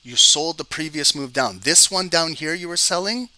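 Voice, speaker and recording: A man's voice: a little high, normal speed, sharp tone. A man giving live screen-share trading commentary, talking straight to his viewers, exasperated, often repeating words as he explains. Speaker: trading educator.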